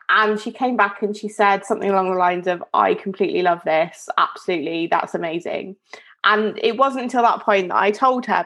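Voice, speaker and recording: A woman from Devon co-hosts a relaxed podcast chat. She tells stories with plenty of ums, little restarts and self-corrections. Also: fairly high pitch. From Devon, England. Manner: chatty storyteller with many fillers and restarts. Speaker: podcast co-host. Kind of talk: casual chat.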